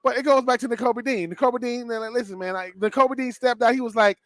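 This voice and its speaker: A man co-hosting a live sports talk show, animated and playful, with slangy, repetitive speech. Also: extremely high pitch, fast, no room sound. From Southern US. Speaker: co-host and former player.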